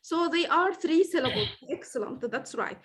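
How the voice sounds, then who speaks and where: A woman's voice: high voice, animated, normal speed. A woman running an online training session for teachers, patient and repeating her words, with many fillers.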